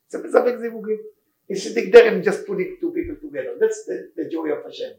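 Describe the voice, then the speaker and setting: Animated man teaching, echoey room. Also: high-pitched, fast talker. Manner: animated storytelling, non-native English with Hebrew terms. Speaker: rabbi teaching a class. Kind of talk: informal Torah class.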